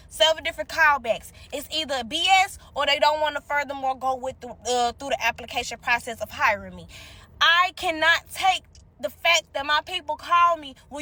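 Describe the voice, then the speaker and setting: Young woman, very high pitch, bright tone, agitated emphatic rant. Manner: agitated, emphatic, plain-spoken. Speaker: job seeker. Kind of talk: casual rant to camera.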